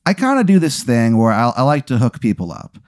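A man's voice: medium pitch, big pitch swings, brisk, lightly acted. Man playing a friendly coworker, earnest, coaxing, matchmaker, ordinary voice.

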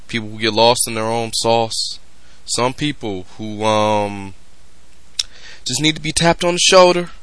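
A man's voice: medium pitch, pushed and bright, smooth, no room sound. A man hosting a podcast, ranting in a casual, emphatic and profane way. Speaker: podcast host. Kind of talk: casual commentary rant.

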